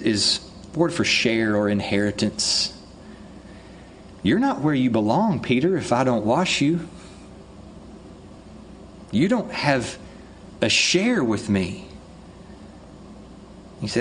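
Male pastor, lively expressive delivery, conversational sermon, faint background hiss. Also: mid-range voice, unhurried. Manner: conversational, rhetorical questions. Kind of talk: expository sermon.

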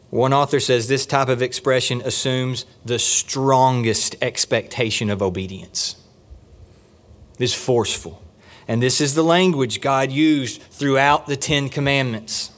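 Man, pastor preaching a sermon, emphatic, climbs high on key points, sinks low and slow for stress, church pulpit. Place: church sanctuary.

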